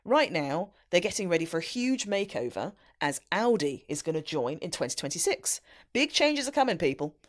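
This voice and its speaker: Playful, lively-voiced woman podcast co-host. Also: on the low side, moderate pace. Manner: playful, giggly, teasing. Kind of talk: casual podcast chat.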